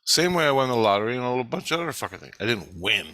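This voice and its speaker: A middle-aged man vlogging, telling a story in a rambling, excitable way with frequent swearing. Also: mid-range voice, rapid-fire, dry recording. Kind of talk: casual storytelling.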